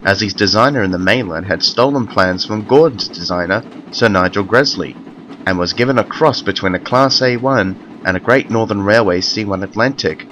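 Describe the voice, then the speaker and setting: Male storybook narrator with a low, plain and steady read. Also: moderate pace, a little hiss or hum.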